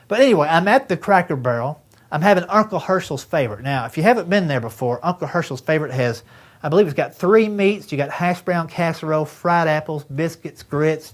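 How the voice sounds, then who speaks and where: Stand-up comic, man in his fifties, folksy, voices both sides of his stories. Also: on the high side. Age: 50s. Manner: folksy storytelling, acts out dialogue with friends and doctor. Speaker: stand-up comedian. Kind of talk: stand-up comedy routine.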